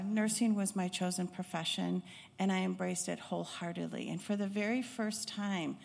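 A middle-aged woman from Chicago, United States, who was once a pediatric nurse and instructor, reflects on her life story slowly, often pausing with hesitations. Her voice is fairly low and creaky, and the recording has long hall reverb.

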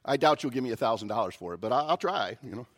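A male pastor preaching a sermon, opening with a folksy, animated story. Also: mid-range voice, quick pace.

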